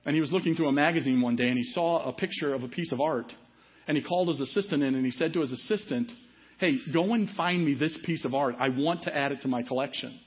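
A man's voice: a little high, fast talker, slightly rough. A middle-aged man preaching a sermon in a conversational way, asking the congregation questions as he goes. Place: church service. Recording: dull, muffled sermon audio.

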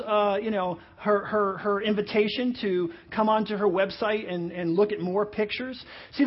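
A pastor preaches in a relaxed, conversational way and keeps asking his listeners rhetorical questions. His voice is high and husky. The recording sounds dull and muffled. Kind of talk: sermon. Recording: muffled lo-fi audio.

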